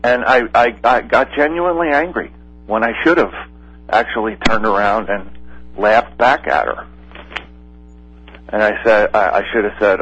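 A man calling in to a Christian talk radio show, telling a story in a rambling, halting way with many fillers. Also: lowish voice, fairly bright tone, slight background noise. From Pennsylvania. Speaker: caller. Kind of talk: call-in radio chat. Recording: dull lo-fi phone line.

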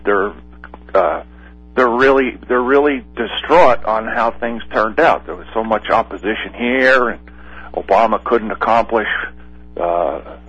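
A man's voice: lowish voice, fairly bright tone, breathy edge. Man calling in over a dull phone line. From Pennsylvania. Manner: rambling, halting, many fillers. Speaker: caller. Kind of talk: call-in radio chat.

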